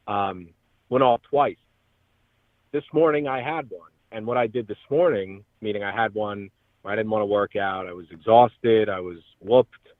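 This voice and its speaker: A man talks earnestly and motivationally as a guest on a radio interview. His voice sits a little low and arrives over a tinny phone line. The sound is dry, with no room around it. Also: no echo.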